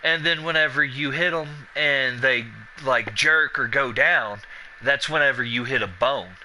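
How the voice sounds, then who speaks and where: Sharp-voiced profane man telling stories. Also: mid-range voice, a little slow, a little hiss or hum, low-quality recording. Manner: profane, animated, acts out quoted dialogue. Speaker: gameplay commentator. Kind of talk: casual let's-play chat with storytelling.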